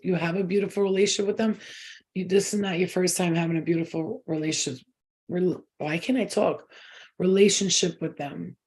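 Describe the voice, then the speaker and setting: A woman's voice: fairly low pitch, a little mellow. A woman giving a casual channeled spiritual reading to her viewers, talking in a rambling, chatty way and swearing now and then. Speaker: spiritual reader.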